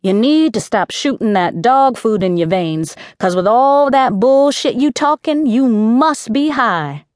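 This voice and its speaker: A woman's voice: high voice, expressive, extremely slow, few pauses, fairly bright tone, no echo, clean studio sound, voice pushed up, exaggerated voice. A woman voicing a hot-tempered, streetwise young woman who talks back sharply and mockingly. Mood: defiant.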